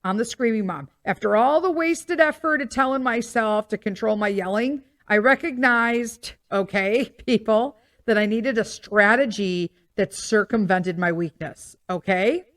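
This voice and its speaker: A woman's voice: on the high side, unhurried, few pauses, a bit bright, no echo, studio quality. A woman hosting a podcast, chatting casually about parenting and often checking in with listeners with "okay?". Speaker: podcast host.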